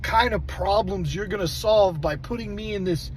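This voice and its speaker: A man telling a story in a casual, blunt rant, swearing constantly and growing animated as he talks. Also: high-pitched, moderate pace, a little hiss or hum, poor audio. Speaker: vlogger.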